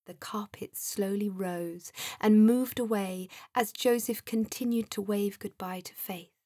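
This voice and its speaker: A woman reading a children's story aloud in a slow, soothing way. Her voice sits on the higher side and is breathy, and the recording is dry and close. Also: dark tone, dry recording. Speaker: narrator. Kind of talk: storybook narration.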